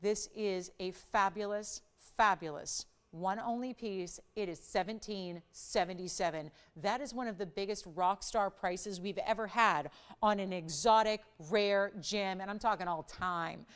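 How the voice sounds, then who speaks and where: A woman hosting a live shopping channel jewelry show, giving an enthusiastic, chatty sales pitch. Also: a little slow, clean tone.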